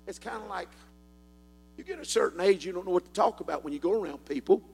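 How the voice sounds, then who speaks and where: An older Southern preacher with a high, gravelly voice that turns husky at the edges. He tells his sermon as a folksy story and works up to fervent shouts. The sound rings with a long hall echo. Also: quick pace.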